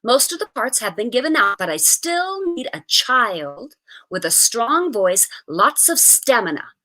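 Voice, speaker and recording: A woman reading a story aloud, voicing a stern, theatrical male schoolteacher who talks in a brisk, commanding way. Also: a little high, very animated, pushed and bright, exaggerated voice.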